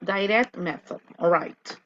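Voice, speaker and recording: Woman teacher, casual asides, mid pitch, dull lo-fi sound. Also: measured pace, a bit bright, slight background noise. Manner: chatty asides, switching into Spanish. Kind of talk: classroom commentary.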